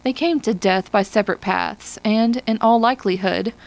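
A woman reading a story aloud in measured, steady scripted narration. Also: mid-range voice, vocal fry. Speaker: audiobook reader.

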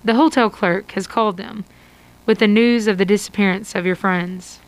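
A woman's voice: medium pitch, normal speed, low-quality recording. A woman narrating an interactive adventure story for radio, reading steadily. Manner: steady read-aloud storytelling.

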